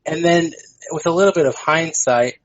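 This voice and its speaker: A man's voice: fairly high pitch, moderate pace. A man talking as a guest on a podcast, making emphatic points and peppering them with "you know". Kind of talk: casual podcast discussion. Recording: dull lo-fi podcast audio.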